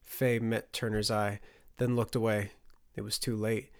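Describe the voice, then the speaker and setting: A man reading a fantasy audiobook as its narrator, in steady, measured scripted storytelling. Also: on the low side, smooth.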